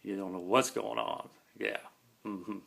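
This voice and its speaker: A man's voice: deep voice, very animated, a little slow, gravelly, fairly bright tone. Rambling man telling a story. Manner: rambling, folksy, with lots of "man" and "you know". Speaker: storyteller recalling his own past. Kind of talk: casual spoken storytelling.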